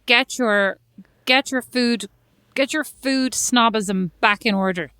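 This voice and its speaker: Teasing Irish woman, high and dry. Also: slow, pushed and bright, clear, resonant tone, no echo. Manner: teasing, mock-judgmental. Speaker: podcast co-host. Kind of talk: casual chat.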